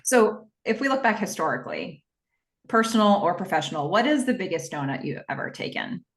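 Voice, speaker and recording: A woman's voice: medium pitch, very animated, brisk, roomy sound. A woman hosting a casual interview, laughing often and summing up her guest's points thoughtfully. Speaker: interview host.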